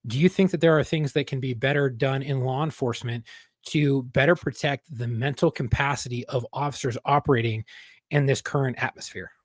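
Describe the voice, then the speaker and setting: A man's voice: mid-range voice, steady tone, a little fast, dry recording, clean studio sound. A man co-hosting a podcast, a former police officer telling stories bluntly and with plenty of swearing. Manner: blunt, profane storytelling. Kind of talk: casual podcast conversation.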